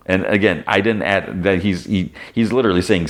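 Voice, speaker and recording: Deep-voiced man rambling through a recap. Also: brisk, hardly any pauses. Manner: rambling, heavy on "like" fillers, self-correcting. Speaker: podcast host. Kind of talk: casual retelling of a show episode.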